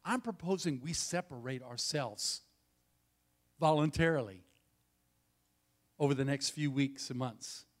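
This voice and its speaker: A man preaching a sermon as pastor, swinging between quiet, intimate passages and loud, emphatic ones, repeating key phrases. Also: mid-range voice, animated, unhurried, long pauses.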